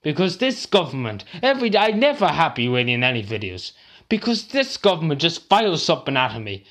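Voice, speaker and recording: A man's voice: fairly high pitch, very animated, brisk, a bit bright. An Irish man ranting to camera as a vlogger, agitated and upset, close to tears, swearing and repeating himself. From Ireland. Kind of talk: angry rant to camera.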